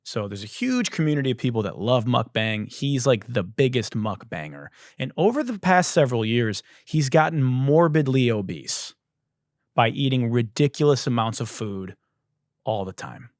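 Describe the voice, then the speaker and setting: A man rants through a comedy podcast monologue, spinning puns and swearing freely. His pitch leaps around animatedly and his voice has a slight hoarseness. The sound is dry and close, with no room around it. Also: normal speed, no room sound. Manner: riffing wordplay, profane, animated. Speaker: podcast host.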